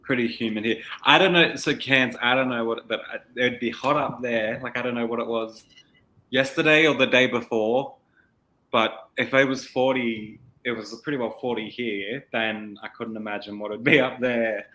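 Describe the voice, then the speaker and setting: A man's voice: medium pitch, steady tone, normal speed, sharp tone. Easygoing man, lots of "like". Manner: easygoing, filler-heavy, says "like" often. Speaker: medium, co-host. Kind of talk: casual live-stream chat.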